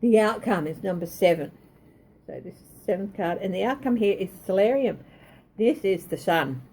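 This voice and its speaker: A woman's voice: mid-range voice, animated, normal speed, a little mellow, slight background noise. A woman giving a tarot reading, thinking aloud, hesitant and correcting herself as she goes. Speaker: tarot reader.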